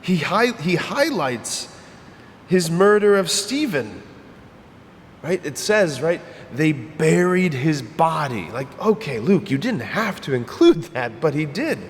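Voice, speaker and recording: Conversational priest preaching in a reverberant church. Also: male voice, on the high side, very animated, slow, a little hiss or hum. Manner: conversational, emphatic, repeats phrases. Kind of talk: homily.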